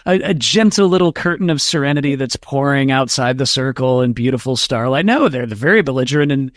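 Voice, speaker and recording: A man's voice: medium pitch, animated, brisk, dry recording, studio quality. A man hosting a podcast interview, enthusiastic and effusive. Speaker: podcast host.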